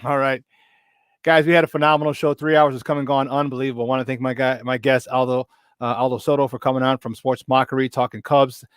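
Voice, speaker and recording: A man's voice: mid-range voice, little pitch movement, quick pace, clean tone, dry recording. Upbeat male sports radio host, dry mic. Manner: upbeat, chummy, thanks guests and plugs the app. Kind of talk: casual sports talk show sign-off.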